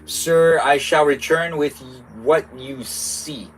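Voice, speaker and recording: A man voicing a scheming old witch villain from a game, reading her lines slowly and theatrically. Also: fairly high pitch, steady tone, distant mic, a little hiss or hum, voice pushed up.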